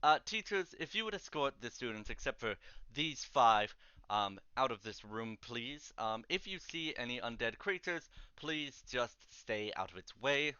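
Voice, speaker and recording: A man voicing a calm, pompous older male headmaster who speaks in measured, formal tones. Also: mid-range voice, clean tone, no echo, dull audio. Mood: stern. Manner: formal, measured speech-giving.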